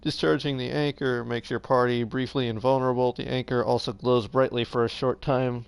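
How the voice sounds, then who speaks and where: Man, tired game streamer, smooth voice, rambling live commentary, reads on-screen text aloud. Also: medium pitch, flat delivery, fairly quick, few pauses. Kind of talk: casual live gameplay commentary.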